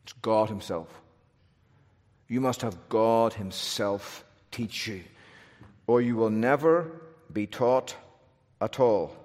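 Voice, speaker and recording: A man's voice: fairly low pitch, takes it slowly, long pauses, darkish tone. Man preaching in an echoing hall. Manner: earnest, emphatic, with restarts and asides. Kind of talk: sermon. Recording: long hall reverb.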